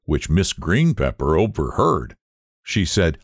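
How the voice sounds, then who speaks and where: A man reads children's rhymes aloud in a sing-song storyteller voice. His pitch swoops wide and his pace is slow. The sound is dry and close. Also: big pitch swings, no room sound.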